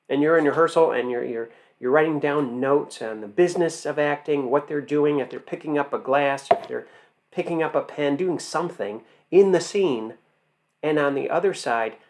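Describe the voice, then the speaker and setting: A man's voice: a little high, vocal fry. A man teaching as an acting coach, emphatic, asking rhetorical questions and answering them himself. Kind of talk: instructional talk to camera.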